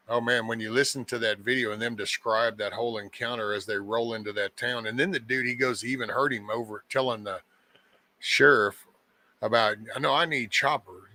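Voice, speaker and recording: Folksy, rambling man with a bright voice. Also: mid-range voice. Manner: folksy, meandering, joking. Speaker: host of a daily live show. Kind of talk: casual rambling morning chat.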